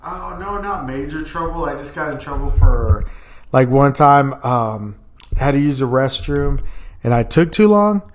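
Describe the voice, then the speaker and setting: A young man telling stories in casual chat, laughing often and acting out quoted lines loudly. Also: medium pitch, expressive, normal speed. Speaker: podcast guest.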